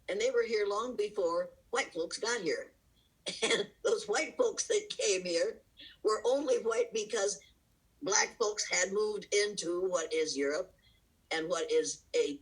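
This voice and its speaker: A diversity educator, interviewed over a video call in a rough recording, speaks with a fairly low, breathy voice. Her answers are impassioned and emphatic, driven by rhetorical questions with bursts of laughter in between.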